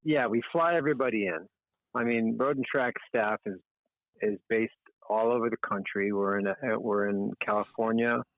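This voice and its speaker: A man's voice: fairly low pitch, moderate pace, no room sound. A middle-aged man, a magazine editor, chatting casually as a guest in a podcast interview, rambling and self-deprecating. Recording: tinny phone-like line, dry.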